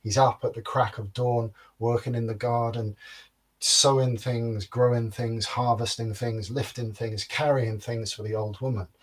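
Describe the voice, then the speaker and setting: A man telling a folktale in a lively, rhythmic storytelling manner, with playful sound words. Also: mid-range voice, unhurried.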